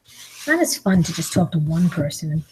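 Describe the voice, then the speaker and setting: A woman's voice: sits low, very animated, normal speed, darkish tone, a little hiss or hum, rough recording. A woman in her forties, a comedian chatting casually and mocking herself as she eats on a live video. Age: 40s. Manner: chatty, self-mocking, complaining. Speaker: comedian and mukbang vlogger. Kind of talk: casual chat while eating.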